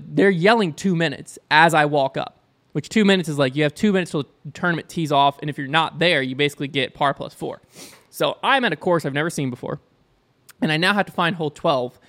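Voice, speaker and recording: A young man with a slightly raised voice tells a long story in casual conversation. He is animated and quick, and he acts out the people he quotes. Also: a little high. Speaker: podcast guest or host, disc golfer.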